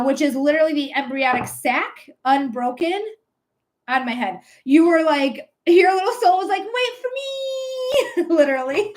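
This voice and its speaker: A woman in her thirties, a psychic streamer, telling a family story live and stopping to thank viewers, chatty and animated with lots of ums and casual swearing. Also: high voice, low-quality recording. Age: 30s. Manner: breaks off to thank viewers by name.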